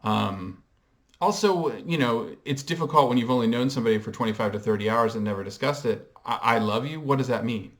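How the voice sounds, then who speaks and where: A man's voice: mid-range voice, a little fast. A man vlogging casual commentary in a reflective, hesitant way, with frequent ums as he explains and coins terms. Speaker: pop culture vlogger.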